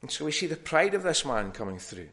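A male preacher giving a conversational sermon and explaining a Bible passage, with frequent pauses and fillers. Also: fairly high pitch, very animated, a bit bright.

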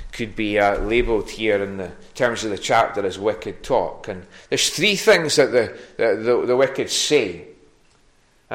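A man preaching an evening sermon, pausing often with fillers and restarts. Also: fairly low pitch, a bit bright. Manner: halting, many fillers and restarts.

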